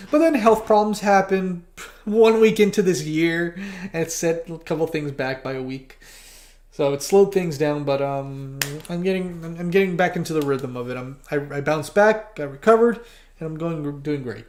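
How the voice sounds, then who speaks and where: A livestream host who animates talks casually to viewers, stumbling over words and restarting sentences. The voice sits at a middling pitch. It rings in a roomy, echoey space. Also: darkish tone. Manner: halting, stammering with many restarts. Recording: roomy echo.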